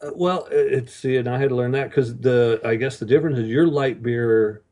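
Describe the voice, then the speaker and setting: A man's voice: mid-range voice, moderate pace, a little mellow. A man with an American accent, a working actor, chatting easily as an interview guest and often laughing. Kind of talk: casual interview chat.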